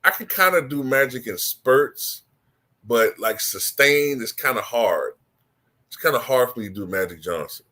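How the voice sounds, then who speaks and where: A man's voice: mid-range voice, expressive, normal speed, pushed and bright. A man hosting a casual online stream, rambling and repeating himself. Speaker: online show host. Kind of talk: casual livestream talk.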